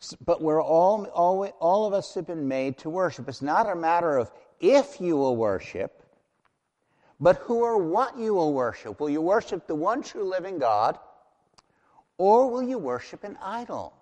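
A man preaching a sermon as pastor, emphatic and building to loud declarations. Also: high-pitched, sing-song, a little slow, long reverb tail.

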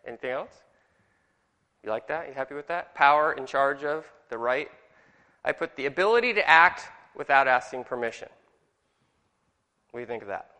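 A man's voice: mid-range voice, expressive, normal speed, pauses often, pushed and bright. A middle-aged man teaching a Bible class in a jokey way and asking the room questions. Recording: long hall reverb.

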